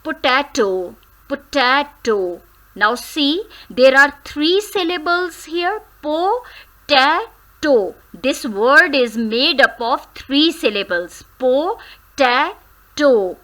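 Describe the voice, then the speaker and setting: A woman teaches a grammar lesson, sounding words out carefully syllable by syllable. Her voice is bright and a little high, and she speaks at an unhurried, deliberate pace. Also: expressive, poor audio. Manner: slow, careful syllable-by-syllable drilling; switches briefly into Hindi.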